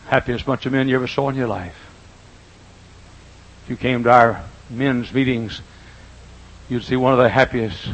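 Husky older preacher, quiet to booming. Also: male voice, lo-fi sound. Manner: folksy preaching, swings from quiet to loud and drawn-out. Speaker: pastor. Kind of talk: sermon. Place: church auditorium.

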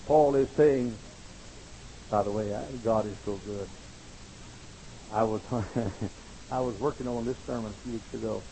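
Speaking to college students, a preacher with a lowish, creaky, mellow voice talks unhurriedly, with fairly even intonation and long pauses. He hammers points through repetition and drifts into wry, rambling, self-mocking anecdotes, and the rough recording carries a little hiss or hum.

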